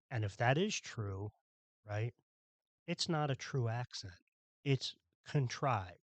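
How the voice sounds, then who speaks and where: A man from Philadelphia with a low voice rants through a podcast monologue. He is irritated, blunt and profane. The sound is dry and close. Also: no echo. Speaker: podcast host. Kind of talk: ranting monologue.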